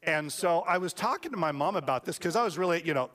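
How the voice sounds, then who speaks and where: A male pastor with a slightly high voice, preaching in a loose, joking storytelling manner. His words ring out with the long reverb of a church sanctuary. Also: lively intonation, fast talker, fairly bright tone. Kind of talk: sermon.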